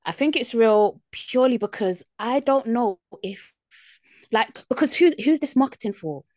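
A young woman co-hosting a podcast, agreeable and quick to laugh. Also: a little high, animated, darkish tone, no room sound, studio quality. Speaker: podcast co-host. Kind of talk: casual chat.

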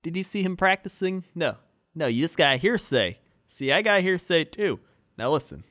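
A man co-hosting a comedy podcast, joking in a deadpan way with mock explanations. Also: a little high, moderate pace, dry recording, clean studio sound. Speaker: podcast co-host. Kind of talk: casual comedic chat.

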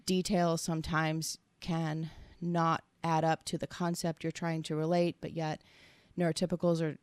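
A woman's voice: low voice, level tone, moderate pace, darkish tone, smooth, no room sound. A woman co-hosting a casual conversation, earnest and reflective, working through her thoughts in long, searching sentences.

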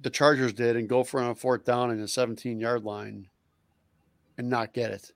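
A man's voice: medium pitch, level tone, dry recording, studio quality. A man in casual sports chat who keeps chiming in to agree. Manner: chatty, quick agreeing interjections.

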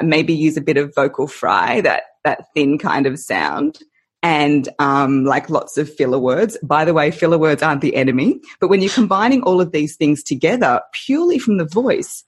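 A woman voice coach on a podcast interview, expressive and playful, laughing often and using lively analogies. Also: low voice, moderate pace, slightly rough.

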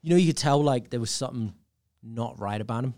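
A man's voice: medium pitch, quick pace, a little mellow. A man with a mixed accent blending Scouse, Irish and American sounds, telling rambling stories as a podcast guest. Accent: mixed English, Scouse, Irish and American. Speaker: stand-up comedian guest. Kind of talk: casual podcast chat.

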